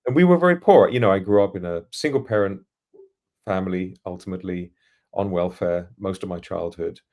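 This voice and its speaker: Middle-aged English man, posh trained accent, very low gravelly voice, articulate anecdotal podcast guest. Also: brisk, darkish tone. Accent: standard English, trained by acting lessons. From England, East London. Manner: articulate, reflective, anecdotal, laughs now and then. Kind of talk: casual storytelling in an interview.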